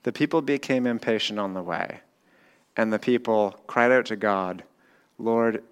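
A middle-aged man preaching a sermon in a church. He swings between loud, animated retellings and quiet, slow reflection. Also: fairly low pitch, clean tone. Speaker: pastor. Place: church hall with a screen.

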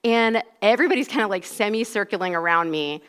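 A woman's voice: mid-range voice, expressive, brisk, a bit bright, clean tone. A woman in her forties telling a personal faith story in a casual, conversational way, filling her speech with "like.". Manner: conversational, heavy use of "like". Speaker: speaker giving a personal testimony.

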